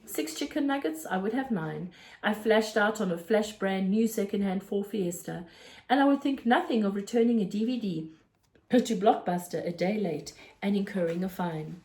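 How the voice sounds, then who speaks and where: A kindly, fussy middle-aged shopkeeper, read by a woman, gentle and fatherly as he coaxes and advises. He talks earnestly in a storybook reading, in a voice of everyday pitch. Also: normal speed, lightly acted.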